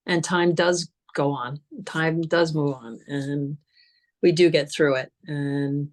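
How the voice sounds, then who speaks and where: A woman with a somewhat low-pitched voice tells her story as an interview guest. She talks casually and with energy, stumbling over repeated words and laughing easily. It sounds like a relaxed, friendly conversation. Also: slow. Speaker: guest, cancer survivor.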